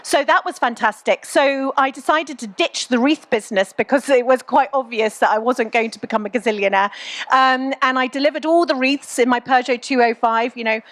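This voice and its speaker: Middle-aged woman guest on stage, frank and chatty, bit high-pitched, lots of um. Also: brisk, a bit bright. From England. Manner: chatty, frank, many ums and you-knows. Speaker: guest entrepreneur. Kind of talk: candid onstage Q&A storytelling.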